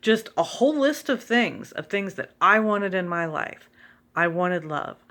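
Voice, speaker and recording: A woman's voice: lowish voice, expressive, unhurried, fairly bright tone. A woman vlogger giving an earnest, emphatic motivational monologue to encourage her viewers.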